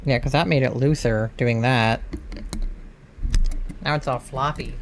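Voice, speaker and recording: A woman's voice: extremely low pitch, steady tone, unhurried, a little hiss or hum. Rambling young woman streamer, many fillers. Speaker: livestreamer. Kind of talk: casual live-stream chat.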